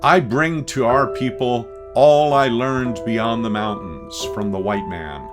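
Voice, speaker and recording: A man's voice: mid-range voice, takes it slowly, over music, close to an everyday voice. A man voicing a defiant, educated young man who argues insistently with his elders. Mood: pleading. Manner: insistent, heated.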